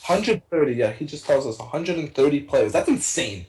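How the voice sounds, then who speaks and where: Young male co-caster, casual and rambling, full of fillers, excitable. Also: a little high, normal speed, faint music behind, rough recording. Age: young adult. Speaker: tournament co-caster. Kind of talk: casual esports casting.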